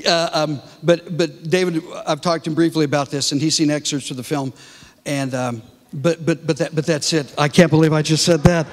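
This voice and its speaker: A middle-aged comedian speaking to a congregation, telling humorous stories with many restarts. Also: male voice, a little high, moderate pace. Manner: animated storytelling with many restarts. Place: large church hall. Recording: reverberant hall.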